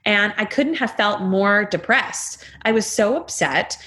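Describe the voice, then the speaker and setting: A woman in casual conversation, telling a personal story in an animated, dramatic way and leaning heavily on "like". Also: mid-range voice, measured pace. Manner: animated, chatty, leans heavily on "like"; dramatic, acts out the dialogue she quotes.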